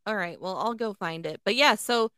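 A woman co-host talks through plot points in a blunt, swearing, incredulous way. Her pitch is in the middle range for a woman, and the recording is dry and close, with no echo. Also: moderate pace, a bit bright. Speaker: podcast co-host. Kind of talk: casual recap chat.

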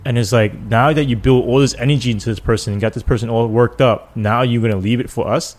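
A man's voice: mid-range voice, fast talker, a little hiss or hum. A man who was a police officer, telling stories casually in an interview and acting out the people he quotes. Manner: animated, acts out quoted people with loose slang.

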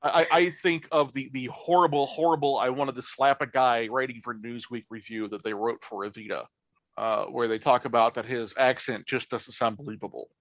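A man's voice: medium pitch, fairly even intonation, moderate pace, fairly bright tone, no echo, lo-fi sound. A man co-hosting a casual podcast chat, talking enthusiastically and profanely, with frequent fillers and restarts. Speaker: podcast co-host.

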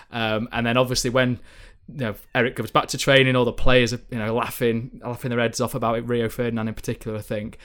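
A man's voice: mid-range voice, a bit bright. A man, a football journalist, telling an anecdote in casual podcast chat, rambling with fillers and restarts.

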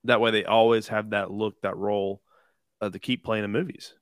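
Low-voiced rambling male podcast co-host. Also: steady tone, normal speed, clear, resonant tone, no room sound, clean studio sound. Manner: rambling, loose, with many "like"s and "you know"s. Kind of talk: casual chat.

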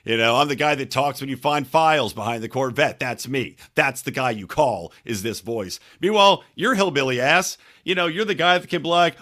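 A man guesting on a casual podcast, joking crudely in a smooth radio-announcer voice. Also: mid-range voice, moderate pace, hardly any pauses, bright, forceful tone. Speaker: podcast guest, host of another show.

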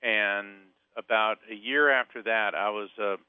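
A man's voice: lowish voice, normal speed, clean tone, no echo. Man telling a story over a phone line. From Central Florida. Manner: animated storyteller acting out voices. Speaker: guest author and medium. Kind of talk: storytelling interview.

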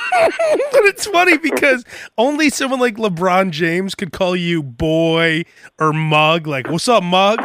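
High-voiced, bright podcast host man. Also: slow pace, dry recording. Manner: animated storyteller, laughs often. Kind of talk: casual podcast banter.

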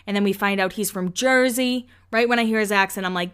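A woman's voice: fairly high pitch, a bit bright, clean tone. A young woman hosting a podcast, recapping a reality show in a chatty, casual way and briefly mimicking the people she talks about. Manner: chatty, heavy use of "like", quick mimicry of the people she discusses. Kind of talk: casual chat.

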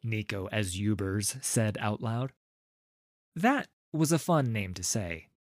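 A man reading a fantasy story aloud as narrator, in a lively, unhurried way. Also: lowish voice, no room sound, clean studio sound.

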